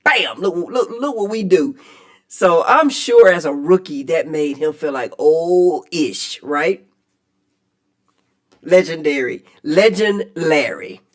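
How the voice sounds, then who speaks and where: A reaction host talking casually over clips in a lively, animated voice that rises and falls a lot. The host chats freely and laughs along with the stories. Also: medium pitch, takes it slowly.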